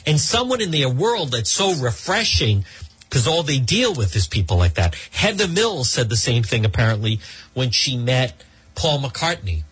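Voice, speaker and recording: A man's voice: mid-range voice, big pitch swings, moderate pace, a bit bright, breathy edge, no echo. A man in his fifties giving a rambling, gossipy commentary monologue as a talk show host, with many ums and restarts.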